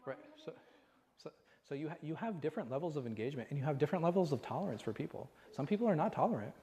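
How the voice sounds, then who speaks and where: Very fast and mellow, with lively intonation, a slightly high-voiced imam teaches a conversational religious class and keeps throwing rhetorical questions at the room. The setting is a mosque class hall, and the hall's reverb is audible.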